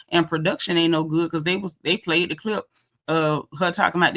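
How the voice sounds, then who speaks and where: A woman's voice: on the low side, normal speed, a bit bright. A woman, hosting a casual, sassy recap and acting out quoted lines for her live chat. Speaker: reality show recap host.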